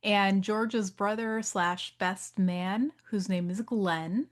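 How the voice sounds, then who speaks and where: A woman's voice: medium pitch, slow. Woman animatedly recapping a film plot. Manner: animated storytelling, laughs easily. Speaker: podcast co-host.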